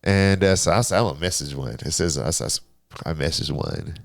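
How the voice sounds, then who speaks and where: A man's voice: rumbling low, expressive, normal speed, creaky, dry recording. A man in his forties, a podcast guest, telling a personal story in casual conversation, candid and rambling, swearing freely and restarting his sentences. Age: 40s.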